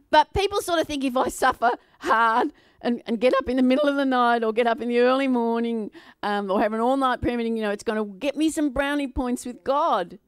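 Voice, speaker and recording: A woman preaching a sermon to a congregation in an animated, playful way, often laughing and acting out voices. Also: fairly high pitch, dry recording. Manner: acts out quoted voices.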